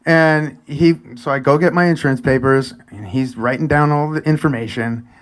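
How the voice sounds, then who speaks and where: A man in his forties telling a personal story live, chatty and animated, sometimes dropping to a near whisper. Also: medium pitch, a little fast. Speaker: storyteller and event host.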